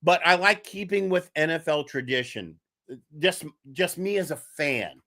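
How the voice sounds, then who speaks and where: A man hosting a casual live-streamed sports talk show, animated and scattered, laughing while he juggles links and texts. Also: a little high, a little slow. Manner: animated, laughing, talks to chat and co-hosts. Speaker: podcast host.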